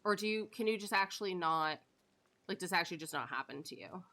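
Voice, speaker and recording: A woman's voice: lowish voice, fast talker, pushed and bright. A woman streamer chatting casually while she plays a game, rambling with lots of fillers and laughs. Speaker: live streamer. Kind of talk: casual chat while gaming.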